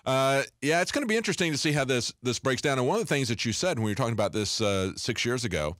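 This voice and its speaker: A man hosting an interview, asking long, conversational questions with many filler pauses. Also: medium pitch, expressive, a bit bright, no echo, clean studio sound. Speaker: show host.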